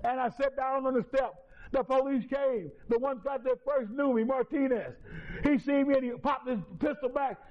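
A man giving a personal testimony in a lively, colloquial storytelling way, with many restarts. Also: very high-pitched, moderate pace, lo-fi sound. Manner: colloquial, repetitive restarts, chuckles through the story.

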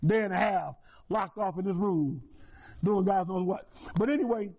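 Speaking at a moderate pace in a high-pitched but darkish voice, a man shares his life story as testimony at a recovery meeting. His telling is folksy and repetitive, sprinkled with chuckles, and the recording is dull and lo-fi.

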